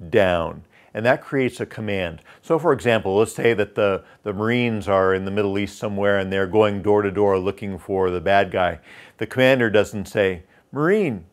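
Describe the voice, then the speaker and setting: A man teaching sales, explaining voice tonality and demonstrating pitch drops with slow, emphatic phrases. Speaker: sales trainer. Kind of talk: instructional talk.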